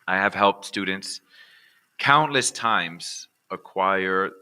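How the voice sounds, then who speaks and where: An American man teaching accent reduction in a relaxed, conversational way, often checking in with "all right". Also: low voice, takes it slowly, smooth. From United States. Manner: casual, repeats "all right" as a check-in with viewers. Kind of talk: recorded online lesson.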